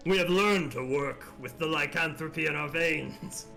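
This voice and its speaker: A man doing a gruff, zealous werewolf leader. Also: fairly high pitch, moderate pace, bright, forceful tone, soft background music. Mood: fervent.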